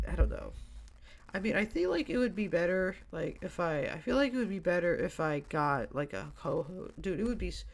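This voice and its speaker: A man's voice: sits high, gravelly. A tired young man hosting a solo podcast, rambling and hesitant with lots of fillers and restarts, yawning now and then. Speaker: podcast host.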